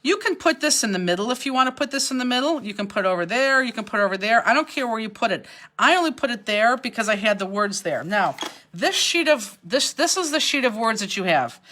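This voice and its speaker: A woman's voice: a little high, fairly bright tone. A woman teaching a live online paper craft class, giving chatty step-by-step instructions.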